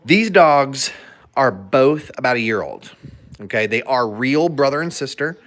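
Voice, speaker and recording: A man in a hotel room with his dogs talks through a casual vlog full of tangents, jokes, frequent laughter, and training tips. His voice is mid-range and fairly bright, lively in intonation, and a little slow.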